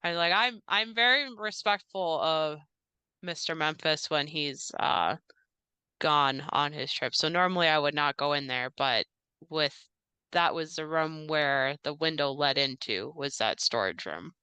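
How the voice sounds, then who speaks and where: A woman's voice: low-pitched, unhurried, bright, forceful tone, smooth, no room sound. A woman voicing a polite, nervous male house staffer who talks hesitantly with many fillers.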